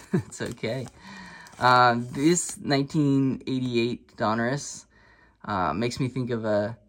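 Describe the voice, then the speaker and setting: Relaxed nostalgic man reminiscing casually. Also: mid-range voice, slow. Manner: relaxed and rambling, with many fillers and restarts; nostalgic and self-deprecating. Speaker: sports card collector and channel host. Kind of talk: casual storytelling vlog.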